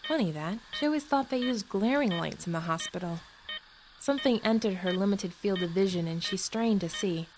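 A woman narrating a short story in a soft, measured reading voice. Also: mid-range voice, lively intonation, noisy background. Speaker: story reader. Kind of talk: audiobook narration.

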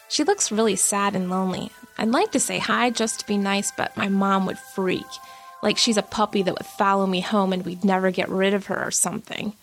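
A woman's voice: medium pitch, natural voice. A woman reading as a young girl who tells her own story in a chatty, grumbling, self-conscious way. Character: sulky young girl narrating her day. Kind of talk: first-person story reading.

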